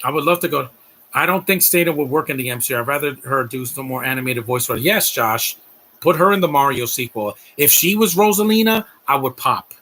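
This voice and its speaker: A man's voice: mid-range voice, brisk, sharp tone. A man doing casual live-stream commentary on a film, gushing and rambling as he talks to his chat.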